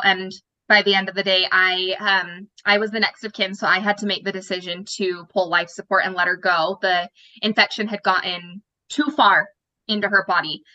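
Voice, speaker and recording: A woman's voice: mid-range voice, sharp tone, muffled recording. A young woman telling her personal story as an interview guest, candid and emotional, often restarting her sentences.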